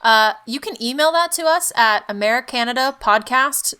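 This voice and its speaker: A young woman co-hosts a podcast with a bright, forceful voice pitched a little high. She chats casually, teases her co-host and laughs often. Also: animated, normal speed, clear, resonant tone. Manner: teasing, chatty, laughs often. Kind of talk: casual chat.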